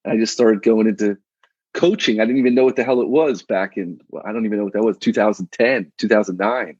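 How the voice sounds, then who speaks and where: A man's voice: on the low side, fast talker, a little mellow, breathy edge, no room sound, lo-fi sound. A man in his thirties, a coach and guest on a casual podcast, talking in a laid-back, slangy way with frequent restarts.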